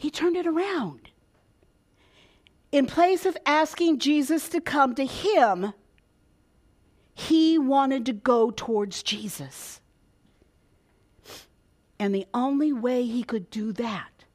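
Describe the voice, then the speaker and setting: A woman's voice: high-pitched, takes it slowly, long pauses, darkish tone. A woman preaching a sermon, dramatic, dropping to a whisper and rising for emphasis.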